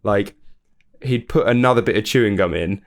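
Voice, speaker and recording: A man's voice: fairly low pitch, normal speed. A man, co-hosting a casual podcast and telling a story animatedly, laughing and swearing often. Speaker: podcast co-host. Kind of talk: casual chat.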